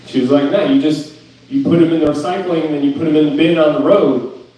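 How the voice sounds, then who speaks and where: A man's voice: fairly high pitch, steady tone, fast, warm tone, distant mic. Profane young stand-up man, echoey club. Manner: profane, incredulous, self-mocking rants. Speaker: stand-up comedian. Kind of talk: stand-up set at an open mic. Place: club stage.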